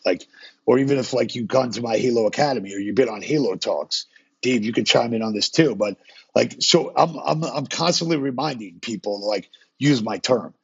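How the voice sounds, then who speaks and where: A man hosting a podcast, talking in a fast, slangy way and swearing freely. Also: mid-range voice, creaky, husky, lo-fi sound. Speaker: podcast host. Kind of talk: casual interview chat.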